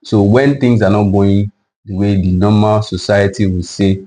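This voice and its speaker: A man co-hosting a faith-based conversation, speaking in a measured, preaching manner. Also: on the low side, fairly even intonation, warm tone. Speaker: co-host.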